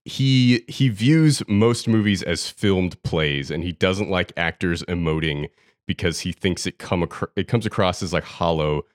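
A man hosting a film podcast, explaining at length in a relaxed way with some fillers. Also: deep voice, measured pace, dry recording, studio quality. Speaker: podcast host. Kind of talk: casual podcast discussion.

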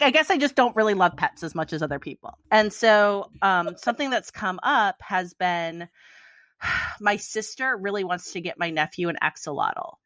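A woman's voice: on the low side, fairly bright tone, no room sound, studio quality. An American woman co-hosting a podcast, telling a story in casual chat and laughing often. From United States. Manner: chatty storytelling, laughs and wheezes a lot. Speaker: podcast co-host.

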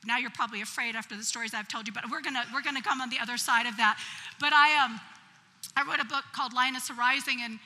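A woman telling a humorous story as she preaches, in a lively, chatty, self-mocking way. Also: on the high side, quick pace. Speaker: preacher at a women's conference. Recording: long hall reverb.

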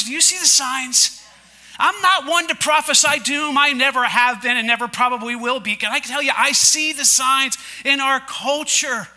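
Very high, bright-voiced male preacher. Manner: emphatic, repetitive, calls the congregation to repeat after him. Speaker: pastor. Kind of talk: sermon. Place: church sanctuary before a congregation.

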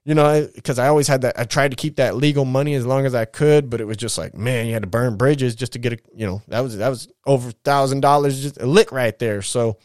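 A man's voice: medium pitch, quick pace, hardly any pauses, a little mellow, no room sound, studio quality. A young man bluntly telling his life story in casual, profane talk, full of restarts.

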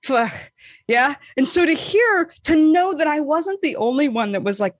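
Woman, high voice, animated, swears a lot, acts out quotes, dry close recording. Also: normal speed, no room sound. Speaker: podcast co-host. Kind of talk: casual storytelling chat.

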